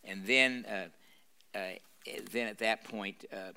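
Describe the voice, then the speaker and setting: Older man reading aloud with a bright tone. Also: lowish voice, fairly even intonation, slow pace, smooth. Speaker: pastor reading a novel aloud. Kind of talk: live lecture reading with commentary. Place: university lecture room.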